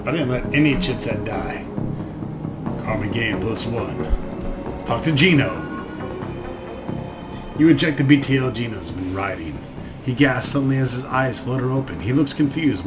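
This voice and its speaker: Excitable, foul-mouthed gamer man. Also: medium pitch. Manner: excitable, profane. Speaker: let's play gamer. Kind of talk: gameplay commentary and reading game text aloud. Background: game music.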